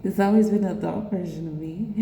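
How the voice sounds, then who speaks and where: Gravelly-voiced woman, chatty vlog in an echoey room. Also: medium pitch. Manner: chatty, rambling, laughs often, addresses viewers as y'all. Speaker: vlogger. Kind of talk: casual personal storytelling. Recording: echoey room with background noise.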